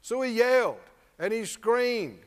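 High-voiced folksy man preacher. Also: very animated, a little slow, noisy background. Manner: humorous, folksy storytelling. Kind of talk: sermon with call-and-response. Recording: reverberant church hall.

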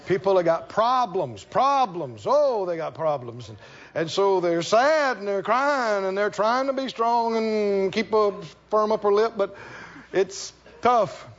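High-voiced, lively male preacher. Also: a little slow, highs cut off. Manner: folksy, animated preaching with acted-out dialogues. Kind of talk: sermon.

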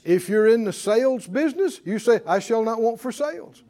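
A man preaching a sermon in a high-pitched voice. He drives home lines by repeating them emphatically and calls on listeners to respond. At times he eases into a quieter, conversational telling. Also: expressive, normal speed. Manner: emphatic, repeats declarations for the congregation.

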